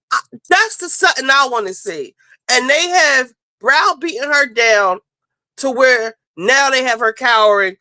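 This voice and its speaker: A woman's voice: high-pitched, pushed and bright, dry recording, low-quality recording. A woman hosting a casual reality-TV commentary stream, talking bluntly and profanely. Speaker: show host. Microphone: home streaming setup.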